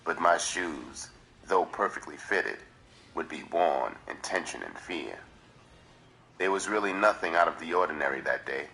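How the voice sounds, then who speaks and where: A man reads a memoir aloud in a measured, dramatic storytelling manner. His voice is very deep yet carries a bright, tense edge. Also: slight background noise, rough recording. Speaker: livestream reader.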